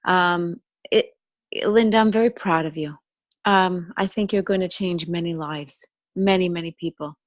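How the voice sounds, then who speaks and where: A woman sharing a personal story on a video call, speaking haltingly with many pauses and fillers, moved and emotional. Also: on the low side, no echo. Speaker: webclass participant.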